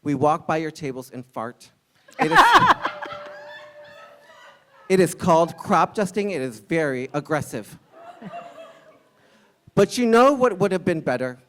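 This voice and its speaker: A man in his forties, a longtime restaurant server, telling a live personal story with a candid, wry comic delivery and sharp punchlines. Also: a little high, huge pitch swings, measured pace, pauses often, background noise.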